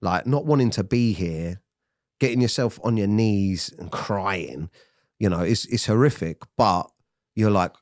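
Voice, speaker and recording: A man's voice: lowish voice, measured pace, dry recording, studio quality. A man hosting a candid podcast conversation, blunt and sweary, often repeating himself. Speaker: podcast host.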